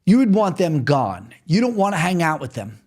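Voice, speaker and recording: A man's voice: on the high side, sing-song, normal speed, a little mellow. A man from New York hosting a podcast, talking earnestly and repetitively straight to the listener in a motivational monologue. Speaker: podcast host.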